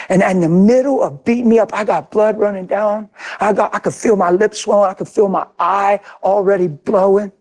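A man's voice: sits high, normal speed. An older man preaching a sermon, telling a story with emphatic, intense repetition. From grew up in a city. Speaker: pastor.

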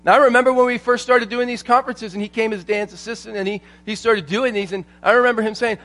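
A man preaching a sermon at a conference, telling stories in an animated way and repeating his phrases for emphasis. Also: high-pitched, fast, few pauses. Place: church conference hall.

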